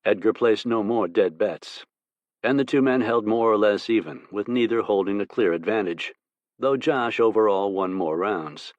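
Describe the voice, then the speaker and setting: Low-voiced male audiobook narrator. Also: moderate pace, darkish tone, dry recording, highs cut off.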